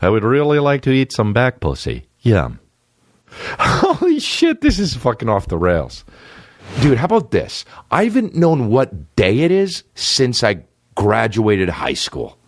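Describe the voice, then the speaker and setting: Animated comic man riffing on a podcast. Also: unhurried, no echo, clean studio sound. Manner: animated, jumps to high silly voices for impressions, crude jokes. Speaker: comedian podcast host. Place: podcast studio. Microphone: studio microphone.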